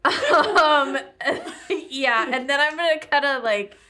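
A woman playing a tabletop game, excitable, swearing and laughing as she describes her turn. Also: high voice, slow, soft background music. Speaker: player.

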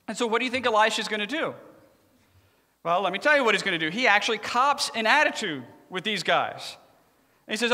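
Bright-voiced joking male preacher. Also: high-pitched, brisk, big-room sound. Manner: joking, conversational, animated. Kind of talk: humorous sermon storytelling.

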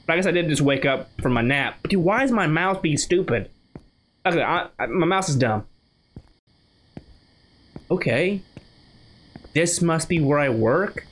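A man's voice: high voice, lively intonation, unhurried, pauses often, a bit bright, a little hiss or hum. A man from the United States giving chatty, casual commentary while playing a game, thinking aloud with many restarts. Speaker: gaming channel host. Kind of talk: casual let's-play commentary.

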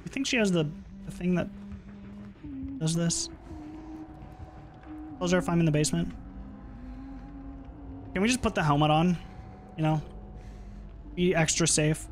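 A man's voice: fairly high pitch, expressive, unhurried, long pauses, background noise. Chatty young man streaming a game. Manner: chatty, swears often, reacts loudly in frustration. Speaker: streamer playing a horror game. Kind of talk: casual gaming stream chat.

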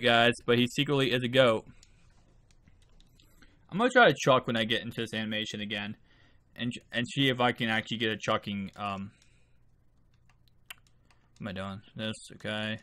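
A man who just woke up and is still sleepy, hosting his video game channel with rambling, casual gameplay commentary and sudden excited outbursts. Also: fairly high pitch.

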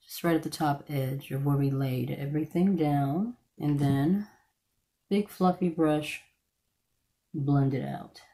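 A woman with a notably low-pitched voice talks through a makeup tutorial in a relaxed, chatty way. Her voice has a slight croak from allergies, and she often stops mid-sentence to correct herself. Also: slow. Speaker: beauty vlogger. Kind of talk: casual makeup tutorial chat.

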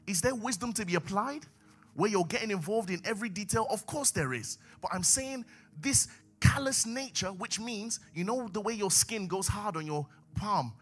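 A man preaching a sermon in a church, swinging from low asides to raised exhortation. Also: expressive, normal speed, fairly bright tone, husky, soft background music.

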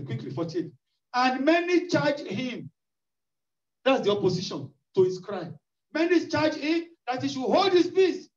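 A man delivers a sermon in a strikingly high voice, leaning on repetition and rising cries for emphasis. He sounds distant from the mic in an echoey church hall. The recording is muffled and lo-fi. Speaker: preacher.

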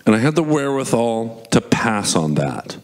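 Male stand-up storyteller, mid-pitched, rambling and self-mocking, voice rising high in the excited parts, performed live on a theatre stage. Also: moderate pace. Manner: rambling, self-deprecating, swears casually.

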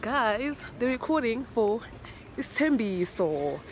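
A woman's voice: fairly high pitch, sing-song, slow, a crowd in the background. A young South African woman, a student, chatting candidly into her phone camera, confiding and shifting between giddy and tearful. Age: young adult. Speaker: vlogger, student. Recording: phone vlog with background noise.

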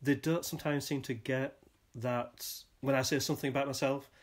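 Fast-talking podcast host. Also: male voice, mid-range voice, steady tone. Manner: rambling, self-deprecating questions. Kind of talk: casual conversational interview.

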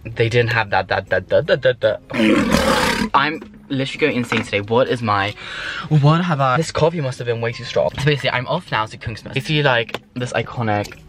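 A man, rambling excitedly and swearing freely as he reviews fast food from his car. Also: medium pitch, noisy background. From Sweden. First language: Swedish. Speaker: food vlogger. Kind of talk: casual food review vlog. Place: in a car while driving.

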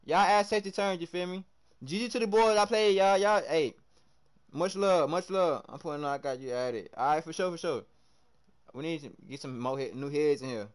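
A young livestreamer plays a basketball video game live, chatting with viewers, trash-talking his opponents with animation and reacting loudly to every play. His voice is on the high side and fairly quick.

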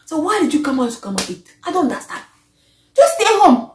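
High-voiced woman ranting. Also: fast talker. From Africa. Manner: animated and exasperated, often trailing off. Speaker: vlogger. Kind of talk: opinion rant to camera. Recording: echoey room.

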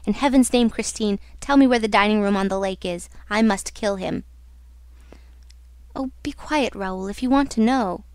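A woman's voice: mid-range voice, moderate pace, a little mellow, dry recording, close to an everyday voice. A woman reading an audiobook and voicing a young nobleman who speaks urgently and insistently. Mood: fierce. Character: young nobleman, protective and fierce.

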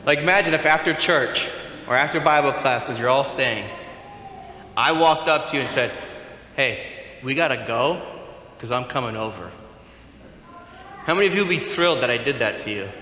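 A man preaching a sermon as pastor, animated and playful, acting out bits of dialogue. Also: on the high side, fairly quick, a little hiss or hum. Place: church sanctuary. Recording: echoey hall with faint room ambience.

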